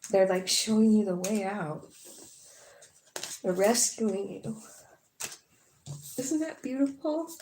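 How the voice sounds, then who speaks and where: A woman's voice: mid-range voice, mellow, slight background noise. A woman giving a casual tarot reading, talking frankly with swearing and lots of filler words. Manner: frank and profane, many fillers. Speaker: tarot reader. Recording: roomy echo.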